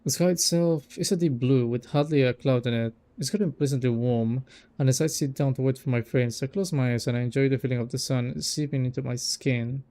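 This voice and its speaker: Young male gamer reading a visual novel aloud, low-lit mellow tone with a gravelly edge, rereads and asides. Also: fairly even intonation, brisk. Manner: reads narration aloud, stumbles and rereads lines, breaks off with casual remarks. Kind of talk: let's play reading with asides.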